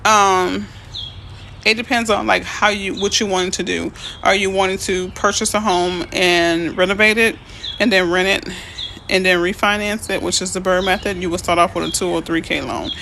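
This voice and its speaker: Realtor lady live streaming, answering chat, bright voice, birds chirping faintly behind. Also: mid-range voice, moderate pace, vocal fry, slight background noise. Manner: reads out and answers viewer comments; chatty, excitable, easily emotional.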